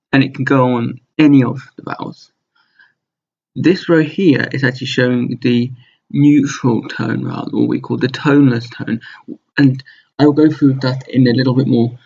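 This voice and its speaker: Man, language teacher, gravelly, husky, dull lo-fi recording. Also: mid-range voice. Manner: slow, relaxed teaching with many ums. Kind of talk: recorded online lesson over slides.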